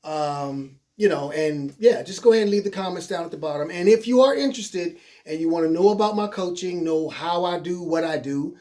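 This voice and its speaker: He's a life coach giving a webinar, and his mellow voice runs on the high side, fairly quick with hardly any pauses. The tone is casual, encouraging and plain-spoken, with repeated points and frequent "okay?" check-ins.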